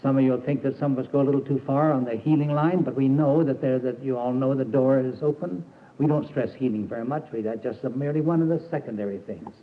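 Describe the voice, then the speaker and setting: A man's voice: medium pitch, fast talker. An older man giving a folksy, emphatic sermon to a camp audience, with fillers and restarts. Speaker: preacher and camp founder. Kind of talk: old recorded sermon. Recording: tinny archival tape with faint hiss.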